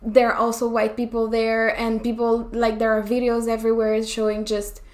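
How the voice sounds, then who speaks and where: Supportive young woman with a high voice. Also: completely flat delivery, normal speed, darkish tone. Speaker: podcast co-host. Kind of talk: casual chat.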